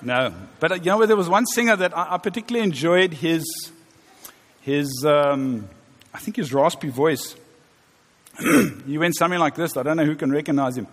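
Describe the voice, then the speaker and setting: A man's voice: fairly high pitch, moderate pace, slight background noise. A man in his fifties preaching a sermon in a church, conversational and joking with the congregation. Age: 50s. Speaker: pastor. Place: church hall. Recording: reverberant church hall.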